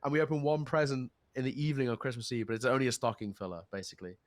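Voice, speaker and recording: A man's voice: mid-range voice, steady tone, rapid-fire. A man with a cold, sounding nasal, casting an esports match in a chatty way, laughing easily and often restarting his sentences. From England, born in South Africa. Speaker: esports caster. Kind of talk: esports commentary.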